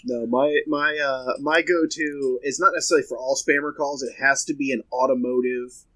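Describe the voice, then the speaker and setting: A man's voice: mid-range voice, fairly even intonation, moderate pace, fairly bright tone, no echo, low-quality recording. A man chatting on a podcast, explaining at length with fillers and laughing into his own lines. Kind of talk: casual chat.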